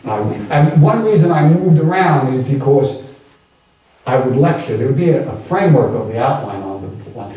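Older New York-accented man, mellow voice, guest speaker, heard from afar in an echoey hall. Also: mid-range voice, lively intonation, moderate pace, recorded from a distance. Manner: chatty, rambling, frequent restarts. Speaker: guest lecturer. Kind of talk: informal lecture with audience questions.

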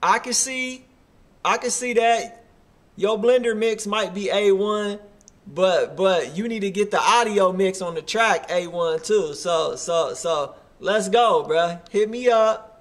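High-voiced man hyping a music review show. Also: takes it slowly. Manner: casual slangy hype talk. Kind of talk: live music review commentary.

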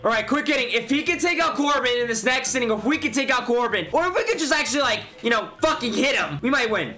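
Young guy yelling over his baseball game, high bright voice, swings all over, music playing under it. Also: quick pace, hardly any pauses. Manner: excitable, swearing, yelling at players. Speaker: gaming YouTuber. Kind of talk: live gameplay commentary.

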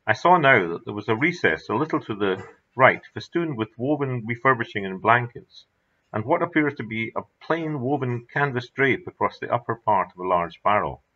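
A man reading his own horror story aloud in a measured, dramatic narration. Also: medium pitch, lively intonation, pushed and bright. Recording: dull lo-fi recording.

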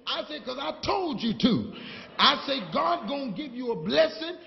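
High-voiced gravelly preacher in a hall. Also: male voice, sing-song, moderate pace. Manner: storytelling, building to shouting call-and-response. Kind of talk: sermon. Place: church sanctuary. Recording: dull, long-reverb church hall recording.

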